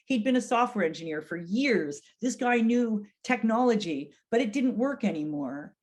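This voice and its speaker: A middle-aged woman with a fairly mellow, mid-range voice leads an educational webinar on dementia care. She speaks earnestly, raising her voice whenever she acts out example phrases.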